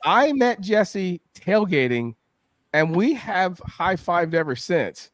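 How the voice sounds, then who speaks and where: A rowdy man in his fifties spins swear-laced stories in a casual chat. His voice sits a little high for a man. The sound is dry and close, with no room in it. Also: big pitch swings, slow pace, dry recording. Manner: profane, boisterous storyteller. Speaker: podcast host.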